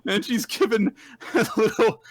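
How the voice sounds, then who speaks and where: A man co-hosting a podcast, casually recapping manga chapters and laughing often. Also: sits high. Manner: retells scenes with quick acted quotes, laughs often.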